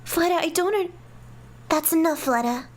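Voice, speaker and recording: Woman voicing a calm, reproving young girl, firm, high voice. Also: normal speed, a little hiss or hum. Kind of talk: fan dub of game dialogue.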